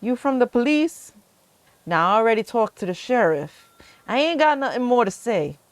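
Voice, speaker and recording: A woman's voice: fairly high pitch, very animated, moderate pace, no room sound, voice pushed up. A woman reading game lines as a guarded 38-year-old Southern housewife in an attempted Southern accent, drawling and curt. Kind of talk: reading game dialogue aloud.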